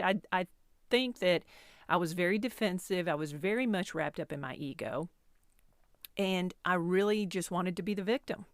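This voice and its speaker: A woman's voice: on the low side, dry recording, clean studio sound. A woman in her fifties telling a personal story as a podcast host, candid and self-deprecating, rambling with restarts. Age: 50s.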